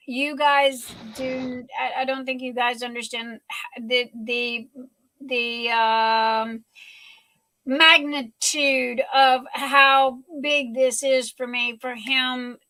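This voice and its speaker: A high, bright-voiced older woman with a drawl hosts a casual livestream chat. She gushes with emotion and stumbles over her words. The sound is dry and close. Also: fairly even intonation, slow pace, no room sound, poor audio. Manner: gushing, emotional, many restarts. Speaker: livestream host.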